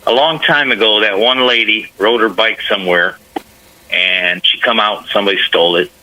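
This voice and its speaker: A man's voice: lowish voice, normal speed, pushed and bright. Earnest male caller on a phone line. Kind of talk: casual call-in chat.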